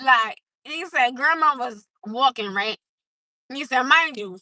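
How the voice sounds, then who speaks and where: A woman with chats on a live stream from her parked car, laughing between slangy, animated bursts. Her voice is high and very bright. The phone sound is close and dry. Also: a little slow, no echo. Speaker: livestream host. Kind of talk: casual live-stream chat.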